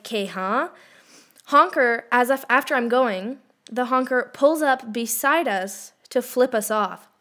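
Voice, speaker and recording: Young woman, podcast co-host, bright forceful tone, slightly high, animated, swears. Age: young adult. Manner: animated, swears, laughs often. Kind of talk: casual storytelling.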